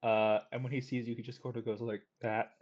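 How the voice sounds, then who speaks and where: A man's voice: mid-range voice, flat delivery, a little fast. A man narrating as game master in a tabletop game, casual and full of fillers. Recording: dull lo-fi audio.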